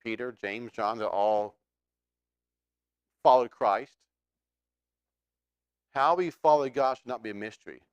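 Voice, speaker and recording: A man's voice: mid-range voice, a little slow, pauses often, clear, resonant tone, no echo, muffled recording. Male pastor, chatty sermon delivery with fillers, resonant tone. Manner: conversational, questioning the congregation, with fillers.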